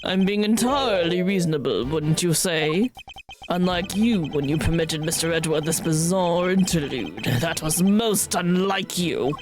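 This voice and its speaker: A woman's voice: on the low side, lively intonation, unhurried. A woman voicing a smug, scheming older man who mocks and taunts in a theatrical way. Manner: oily, mocking, theatrical. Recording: stream with game music behind.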